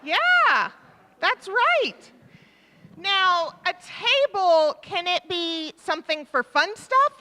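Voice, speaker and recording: A woman leading a children's time in a church service, asking the children questions and warmly repeating their answers, speaking into a microphone in the sanctuary. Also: extremely high pitch, sing-song, very slow. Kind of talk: interactive children's talk with questions. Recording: reverberant church hall.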